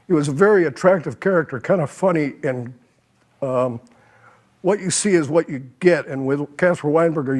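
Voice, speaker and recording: A man's voice: on the high side, darkish tone. An older man speaking on a policy panel, telling anecdotes and acting out the people he quotes. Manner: anecdotal, quotes others, chuckles at his own stories.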